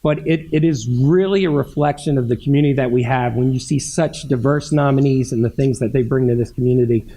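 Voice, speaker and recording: A retired man from Frederick County giving an earnest keynote speech at an awards event, talking with frequent halting restarts. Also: medium pitch, mellow, low-quality recording. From Frederick County, Maryland. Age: older. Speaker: keynote speaker.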